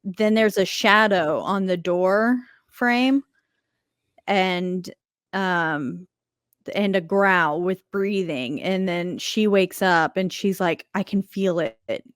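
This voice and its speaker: A woman's voice: fairly low pitch, takes it slowly, clear, resonant tone, no echo, clean studio sound. A woman co-hosting a podcast over a laptop video call, casually recapping a horror movie and swearing for emphasis. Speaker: podcast co-host.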